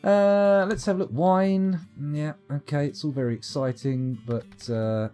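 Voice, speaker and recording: A man's voice: a little high, steady tone, measured pace, warm tone, soft background music. A man casually commenting on his game during a live stream, joking, rambling and reading out chat messages. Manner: jokey, rambling, reads chat aloud.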